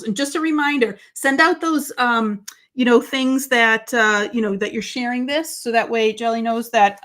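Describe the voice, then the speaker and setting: A woman's voice: a little high, a bit bright. A middle-aged woman hosting a live craft stream, chatting casually and greeting viewers by name, with many fillers and restarts. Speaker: livestream host.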